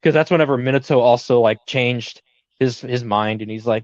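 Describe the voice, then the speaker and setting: A man's voice: mid-range voice, normal speed, darkish tone, dry recording, lo-fi sound. A young man co-hosting a casual podcast, rambling with lots of fillers and easy laughter. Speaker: podcast co-host.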